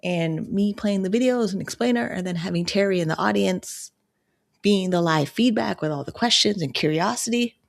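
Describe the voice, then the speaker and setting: A woman's voice: mid-range voice, normal speed, gravelly. A woman hosting a casual livestream, a bit out of breath, chatty and asking direct questions. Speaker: livestream host.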